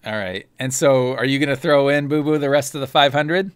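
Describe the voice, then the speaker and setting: A man's voice: mid-range voice, a little fast, clear, resonant tone, no echo. Casual male game master. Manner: casual, lively narration with filler words. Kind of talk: narrating a tabletop game.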